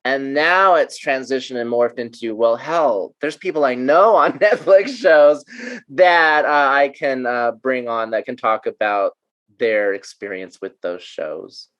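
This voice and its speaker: A man's voice: medium pitch, a little slow, a bit bright, highs cut off. A man hosting a podcast in casual chat, who gets teary and laughs easily. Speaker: podcast host.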